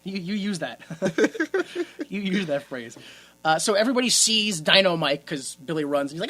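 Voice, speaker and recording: A man's voice: high voice, big pitch swings, normal speed, bright, forceful tone. A man co-hosting a casual comedy podcast, retelling a movie's scenes in a crude, joking way and laughing often. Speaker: podcast co-host.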